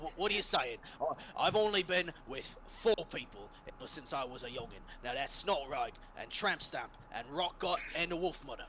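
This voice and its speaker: A man's voice: a little high, animated, normal speed, few pauses, sharp tone, slight background noise. A man voicing a brash, foul-mouthed goblin who turns defensive and accusatory in a tabletop game. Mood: agitated. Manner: crude, confrontational.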